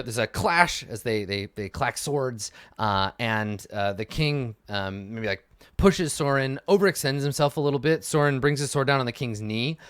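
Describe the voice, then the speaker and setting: A man's voice: mid-range voice, a bit bright, dry recording. A man narrating a tabletop game as game master, hesitant and full of fillers.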